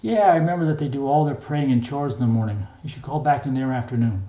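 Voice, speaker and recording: A man's voice: mid-range voice, fast, roomy sound, muffled recording, close to an everyday voice. A man reading a memoir voices his wife, an anxious mother, speaking emphatically. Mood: matter-of-fact. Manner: emphatic, alarmed.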